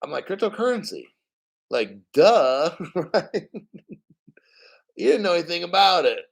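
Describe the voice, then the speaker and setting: A man on a casual livestream, talking about crypto in a loose, profane rant. His voice sits a touch higher than most men's, and he is blunt and mocking, sliding into sneering put-on voices when he quotes people he disagrees with. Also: sing-song, unhurried, vocal fry. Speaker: crypto channel host.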